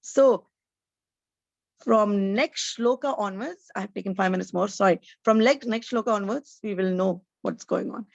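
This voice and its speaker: A woman's voice: mid-range voice, moderate pace, vocal fry, no echo, highs cut off. A woman giving an online scripture lecture, explaining each point earnestly, like a teacher.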